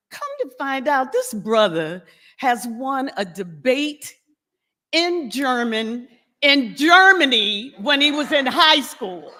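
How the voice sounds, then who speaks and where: A woman spinning a playful story before an audience, breaking into laughter as she goes. Her pitch swings widely from phrase to phrase, and she takes her time with the punchlines. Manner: animated, playful, laughing often. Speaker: guest speaker introducing the keynote. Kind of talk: storytelling anecdote at a convocation.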